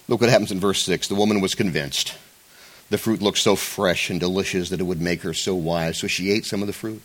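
A pastor with a low voice talks a little fast, preaching a conversational sermon to his congregation. He's animated and drops playful, jokey asides along the way.

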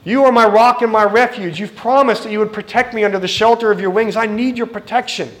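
A man's voice: sits high, quick pace. A middle-aged man preaching a sermon in an earnest, direct way, speaking to the congregation and acting out the voices he quotes.

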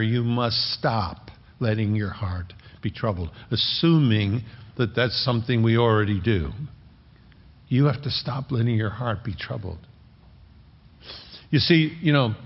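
A man as pastor, preaching a sermon in an earnest, measured way and repeating key phrases. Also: mid-range voice. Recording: dull lo-fi recording with long hall reverb.

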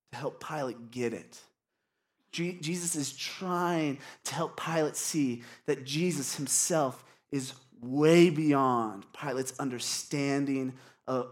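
High-voiced man preaching casually. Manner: candid, casual, self-deprecating with frequent "like". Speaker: pastor. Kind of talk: conversational sermon. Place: church congregation.

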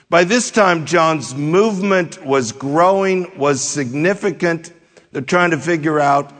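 A man delivers a sermon at an unhurried, measured pace, walking through scripture verse by verse. His voice sits a little high, and he sinks low and quiet at the close of phrases. The sound rings with the long reverb of a large hall. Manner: slow, deliberate verse-by-verse teaching, dropping low at phrase ends. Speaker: pastor. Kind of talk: expository sermon.

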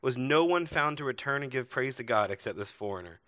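Pastor guy preaching, bright punchy voice, lots of will-you-be-the-one questions, dry close sound. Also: mid-range voice, lively intonation, a little fast, no echo. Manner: earnest storytelling, rhetorical questions, varied loudness. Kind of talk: sermon.

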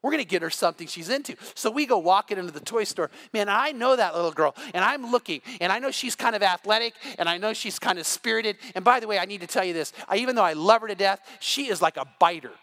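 Older guy pastor preaching, high voice, really bright, keeps restarting sentences and telling stories. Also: fast talker, few pauses. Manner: animated storytelling with repeated restarts. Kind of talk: sermon.

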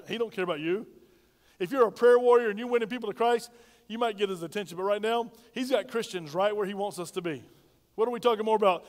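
A man's voice: high-pitched, in a large hall. A male pastor preaching a sermon, calling on the congregation to repeat lines after him. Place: church sanctuary.

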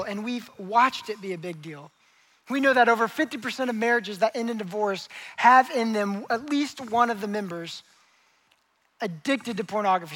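A young man preaching a sermon as a pastor, telling stories with lively acted-out characters. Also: high voice, low-quality recording. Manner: animated storytelling, acts out characters.

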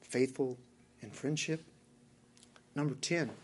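Man, Southern accent, pastor preaching, husky voice, mid-pitched, questions the congregation. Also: takes it slowly. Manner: lively preacher who asks the congregation questions. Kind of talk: sermon.

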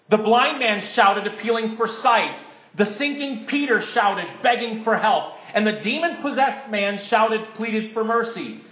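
A fairly high-voiced male pastor preaches a sermon, shifting between relaxed conversational talk and bursts of forceful emphasis. His voice echoes through a spacious church sanctuary, and the recording sounds slightly dull.

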